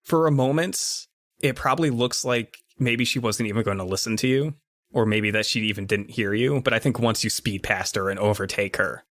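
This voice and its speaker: A man narrating a tabletop game as game master, describing each scene like comic panels. His voice sits fairly low, and the sound is dry and close. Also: a bit bright, no echo.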